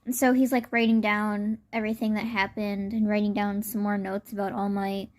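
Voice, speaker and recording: A young woman telling a made-up fan story out loud in a casual, rambling way, full of fillers. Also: mid-range voice, flat delivery, normal speed.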